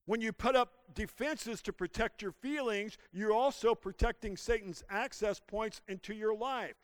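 Male pastor mid-sermon, high and smooth voice, dry close sound. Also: moderate pace, few pauses, dry recording. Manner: preaching with call-and-response to the congregation. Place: church.

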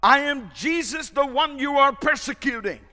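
A preacher booming as a divine voice from heaven. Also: male voice, moderate pace, heavily acted. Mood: commanding. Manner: loud, ringing calls. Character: commanding male divine voice from heaven. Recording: long hall reverb.

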